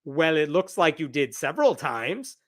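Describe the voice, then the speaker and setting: A man's voice: fairly high pitch, sing-song, normal speed. A man reading out the questions of a skeptical male attorney in a deposition. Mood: probing.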